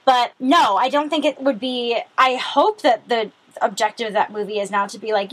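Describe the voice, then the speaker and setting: A woman co-hosting a podcast who chats casually and throws in quick jokes. Her voice sits a little high. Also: poor audio. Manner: quick-witted, jokey asides. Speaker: podcast co-host. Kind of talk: casual chat.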